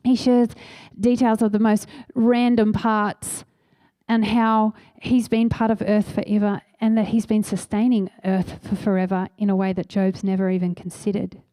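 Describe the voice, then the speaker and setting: A woman's voice: medium pitch, little pitch movement, normal speed, warm tone, no room sound. A woman preaching a sermon in a church, telling a story earnestly and acting out the voices she quotes.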